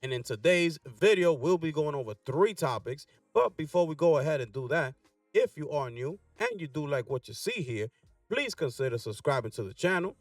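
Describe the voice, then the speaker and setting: A man's voice: a little high, normal speed, dry recording, far from the mic, faint music behind. Hyped gaming news man, dry room. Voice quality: energetic hype, frequent "right?" asides. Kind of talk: casual commentary reading articles.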